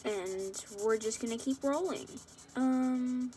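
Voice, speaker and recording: A woman's voice: high voice, takes it slowly, mellow, a little hiss or hum. A young woman casually reading her own fan story at home, rambling and chatty, with frequent asides.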